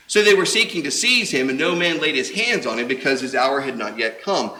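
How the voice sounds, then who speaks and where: A man's voice: medium pitch, animated, brisk, few pauses, sharp tone. A man preaching a sermon, explaining scripture in a conversational way with casual asides. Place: church auditorium. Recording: echoey church room.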